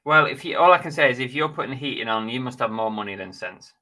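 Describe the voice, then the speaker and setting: A man's voice: medium pitch, lively intonation, quick pace, sharp tone. A man hosting a casual live stream, chatting bluntly and jokily while reading out viewer comments.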